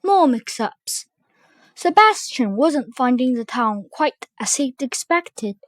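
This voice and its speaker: A woman reads a children's storybook aloud with expressive, animated delivery. Her voice sits higher and she takes her time. The sound is close and dry. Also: slow, dry recording. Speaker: narrator.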